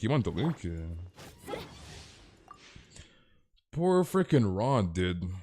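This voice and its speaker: A man's voice: fairly low pitch, a little hiss or hum. A young man streaming a game who chats casually with viewers, rambling, stammering over repeated words and saying "dude" constantly.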